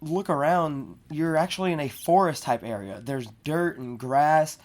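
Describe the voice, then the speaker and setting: Hesitant game master, scratchy throat. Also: female voice, low-pitched, unhurried, a little mellow. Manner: hesitant, many fillers and restarts. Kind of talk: narrating a tabletop game.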